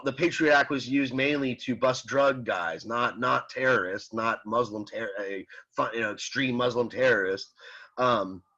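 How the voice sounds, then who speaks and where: A man's voice: medium pitch, sharp tone. A man teaching an ethics class in a casual, rambling way, with lots of fillers and restarts, reading out student comments and answering them. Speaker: college ethics instructor. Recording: slightly muffled recording.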